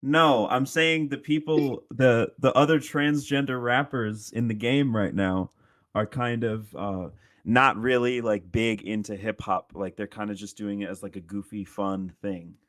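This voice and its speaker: Rambling low-voiced man, dry sound. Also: fairly even intonation, unhurried, a bit bright, no echo. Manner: rambling, heavy "like" fillers, laughs often. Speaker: podcast co-host. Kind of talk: casual podcast chat.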